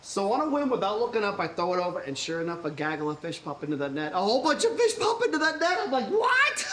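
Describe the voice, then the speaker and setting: A man playing excitable, rambling apostle Peter. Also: sits high, quick pace, slight background noise, exaggerated voice. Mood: excited. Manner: excitable, rambling, thinks out loud. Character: impulsive chatty apostle Peter, adult man. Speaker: actor in a church skit film. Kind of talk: comic church skit acting.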